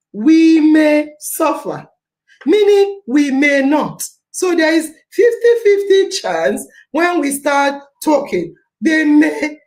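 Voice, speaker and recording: A woman's voice: high voice, a little mellow, roomy sound, poor audio. A Nigerian woman hosting a podcast, giving an impassioned civic talk, repeating phrases for emphasis and slipping into Pidgin. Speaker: podcast host.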